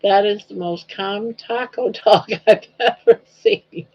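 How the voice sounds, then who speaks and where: A woman's voice: medium pitch, slow, dark tone. An older woman hosting a casual livestream chat, rambling along, reading viewers' comments aloud and cooing at her dog. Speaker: livestream host. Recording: dull lo-fi livestream audio.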